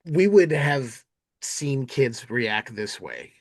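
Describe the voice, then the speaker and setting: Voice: mid-range voice, very animated, takes it slowly, dry recording, studio quality. A podcast host chatting casually, laughing often and acting out characters' lines. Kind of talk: casual chat. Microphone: recorded on camera setup, remote call.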